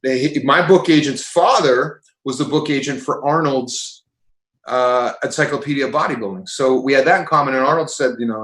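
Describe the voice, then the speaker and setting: A man guest telling lively anecdotes in a casual chat over a video call, laughing as he goes. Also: medium pitch, moderate pace, reverberant, low-quality recording. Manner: animated anecdote-telling, laughs mid-sentence. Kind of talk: casual storytelling.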